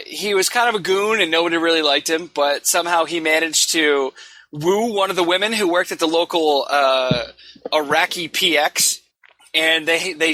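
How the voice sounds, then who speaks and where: A man's voice: a little high, bright, forceful tone. A man co-hosting a casual comedy podcast, telling crude jokes and stories. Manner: crude, joking storyteller. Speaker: podcast co-host.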